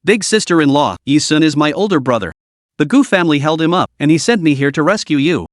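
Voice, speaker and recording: A man's voice: on the high side, lively intonation, fast, no echo, studio quality, natural voice. A male narrator voicing a scheming young man who fakes urgent loyalty, in a slightly raised voice. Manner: urgent, pleading.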